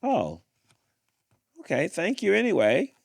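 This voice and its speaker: Male reader as a polite squirrel asking questions, slow, rough-edged. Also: sits high, wildly swooping pitch, dry recording, clean studio sound, pitched above the performer's own voice, exaggerated voice.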